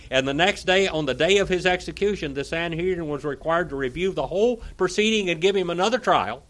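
A man's voice: a little high, brisk, a bit bright. Man preaching, reading dramatically aloud. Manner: dramatic reading, stumbles on hard words. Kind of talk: sermon reading aloud from a text with comments.

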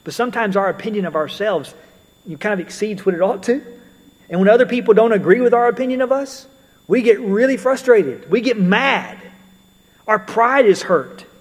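A man's voice: high-pitched, animated, moderate pace, in a large hall, poor audio. A man preaching a sermon in a conversational way, with storytelling asides.

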